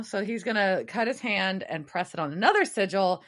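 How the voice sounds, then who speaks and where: Woman, podcast co-host, casual chat, lively pitch, quick acted-out quotes. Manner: acts out characters' lines in quick, animated quotes. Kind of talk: casual chat recapping a TV episode.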